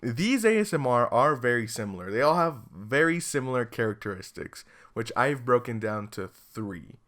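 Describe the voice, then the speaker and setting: A man's voice: mid-range voice, fairly bright tone. A man giving sarcastic, exasperated comedic commentary as a YouTuber.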